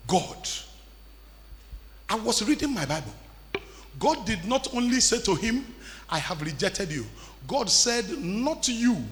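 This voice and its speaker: A man preaching a sermon, emphatic, repeating lines and building to shouts, in an echoey church hall with faint music. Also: a little high, slight background noise. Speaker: pastor.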